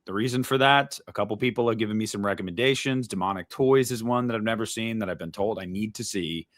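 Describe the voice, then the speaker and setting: A man's voice: on the low side, fast, a bit bright, no echo. Chatty upbeat man, dry close voice. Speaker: podcast host. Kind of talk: casual chat.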